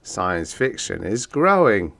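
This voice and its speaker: A man's voice: on the low side, sing-song, slow, gravelly, a bit bright, heavily acted. Man playing a breezy bug-eyed space monster. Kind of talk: audiobook character voice.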